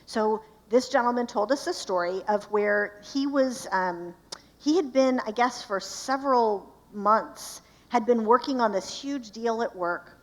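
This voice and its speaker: A woman's voice: fairly high pitch, a little slow. A woman speaking at a church marriage conference, telling a story with animation and asking the audience questions. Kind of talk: storytelling talk to a live audience.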